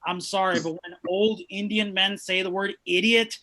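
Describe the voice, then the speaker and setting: A man co-hosting a comedy show, riffing loudly with rambling, profane jokes. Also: sits high, steady tone, moderate pace. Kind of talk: stand-up banter.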